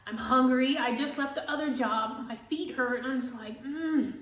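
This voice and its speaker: A woman with a high voice tells a rambling, profanity-laced story in a casual monologue. She keeps slipping into quoted back-and-forth, playing herself and the other person. The room around her rings with echo. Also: normal speed, recorded from a distance. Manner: animated, profane, acts out both sides of conversations. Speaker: tarot reader telling a story. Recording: echoey room.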